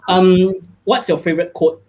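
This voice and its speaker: A man's voice: high voice, little pitch movement, moderate pace, a little mellow, highs cut off. A man hosting a casual live chat, upbeat and chatty. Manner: upbeat, chatty, frequent laughs and fillers. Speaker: host.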